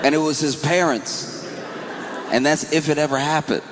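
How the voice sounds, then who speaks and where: A man's voice: a little high, fairly even intonation, normal speed, in a large hall, very noisy. A man doing stand-up comedy, telling a story loosely with laughs and fillers.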